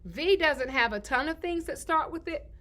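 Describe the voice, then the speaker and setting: A woman's voice: sits high, animated, moderate pace, a bit bright. A woman teacher giving a children's phonics lesson. She asks questions in a sing-song way and answers them herself.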